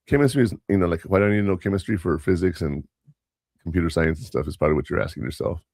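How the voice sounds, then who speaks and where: Very deep-voiced blunt male host. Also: racing, a little mellow, dry recording, clean studio sound. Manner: blunt, lecturing, plain-spoken. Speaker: podcast host. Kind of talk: casual radio talk.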